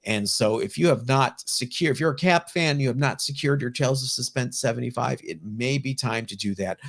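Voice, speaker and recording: A man's voice: mid-range voice, fairly quick, vocal fry. A man co-hosting a casual podcast about comic book collecting, talking with an enthusiastic manner. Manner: enthusiastic, lively collector banter. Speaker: podcast co-host.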